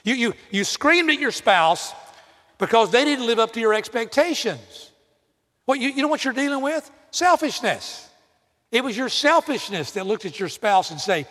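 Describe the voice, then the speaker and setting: A man's voice: very high voice, lively intonation, moderate pace, bright, forceful tone, long reverb tail. A man preaching a sermon to students, direct and emphatic, acting out imagined apologies as examples.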